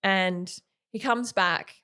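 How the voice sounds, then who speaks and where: A woman's voice: medium pitch, takes it slowly, smooth. A young woman casually telling a personal story on a podcast, rambling and filling her sentences with "like". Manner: rambling, heavy use of "like"; animated when quoting.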